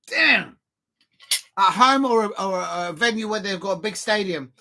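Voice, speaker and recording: An excitable man hosts a live football watch-along, his voice bright and forceful. He jumps from playful jokes to loud, despairing outbursts. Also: high voice, normal speed. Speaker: football fan channel host.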